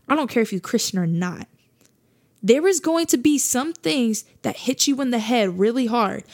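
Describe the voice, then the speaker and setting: A woman's voice: fairly high pitch, a little mellow. A woman hosting a faith podcast, talking earnestly in a monologue and repeating her points for emphasis. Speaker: podcast host.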